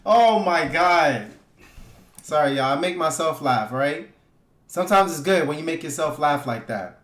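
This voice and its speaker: A man's voice: on the high side, moderate pace, a bit bright. Hyped-up streamer man, echoey room. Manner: hyped, loose and profane, chatting with viewers. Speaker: livestream host. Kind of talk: casual livestream commentary.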